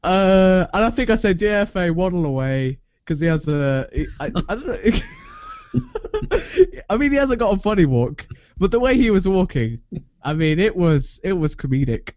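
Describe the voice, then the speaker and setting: Crude lively young man. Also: high voice, normal speed, dry recording. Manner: crude, boastful, laughs a lot, lively. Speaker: podcast co-host. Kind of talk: casual chat. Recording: dull lo-fi sound, dry.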